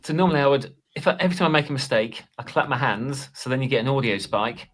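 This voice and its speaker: A man with a mid-range, fairly bright voice, an Excel course creator appearing as a guest, chats casually on a podcast about making course videos. He's self-deprecating and halting, often restarting his sentences.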